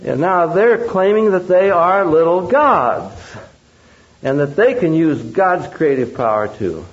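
Man preaching hard, voice jumps up and down a lot, kinda high, dull lo-fi tape. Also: expressive, measured pace. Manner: emphatic, rhetorical questions to the audience. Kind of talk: sermon. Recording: dull lo-fi recording.

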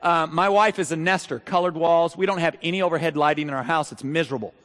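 A man preaching a sermon in a church, chatting with the crowd through rhetorical questions and building to loud shouted peaks. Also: fairly high pitch, fairly even intonation, fast. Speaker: pastor. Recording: long reverb of a large hall.

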